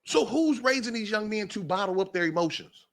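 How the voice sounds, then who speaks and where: A man's voice: high voice, animated, a little fast, vocal fry, a bit bright. A man hosting a talk show, delivering an impassioned monologue and repeating phrases for emphasis. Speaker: podcast host.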